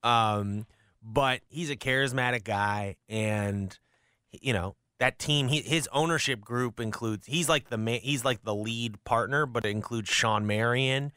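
A man speaking as a guest on a sports talk show, his voice bright and edged. The sound is close and dry, with no room around it. He rambles through stories and keeps correcting himself mid-sentence. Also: mid-range voice, a little slow, clear, resonant tone, no echo. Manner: rambling, self-correcting storyteller. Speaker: newspaper columnist, radio guest. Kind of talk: casual chat.

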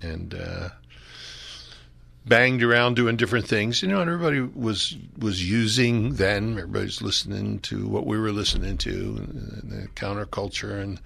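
An older man from Philadelphia, a pastor telling his life story in a relaxed, chuckling, rambling way during a radio interview. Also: fairly low pitch, normal speed, gravelly.

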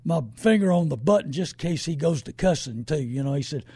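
A man hosting a call-in radio show, talking in a folksy, rambling way that builds to shouting. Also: a little high, expressive, brisk, husky, no echo, studio quality.

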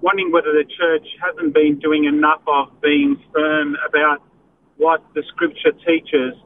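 A man calls in to a radio show, feeling his way through his question with many pauses. He comes through a tinny phone line with a faint hiss underneath, and his voice sits fairly high. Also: level tone. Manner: hesitant, lots of uh and um. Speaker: caller. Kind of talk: call-in radio talk.

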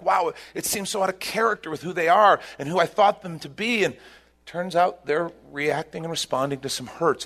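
Male preacher, lively sermon delivery, higher-pitched voice with wide swings, plays out quoted voices. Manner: animated, acts out quoted voices. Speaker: pastor.

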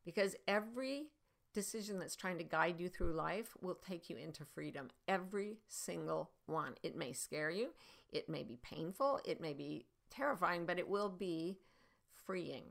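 Middle-aged woman podcast host, kinda low gravelly voice, chatty storytelling w lots of ums. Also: animated, moderate pace. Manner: warm storytelling, chatty with many fillers. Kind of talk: casual spoken coaching talk.

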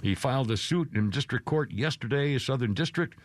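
A man's voice: mid-range voice, expressive, fairly quick, dry recording. A man hosting a casual radio show, rambling and joking at his own expense, often chuckling. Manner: rambling, chuckling, self-deprecating jokes. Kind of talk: casual morning radio banter.

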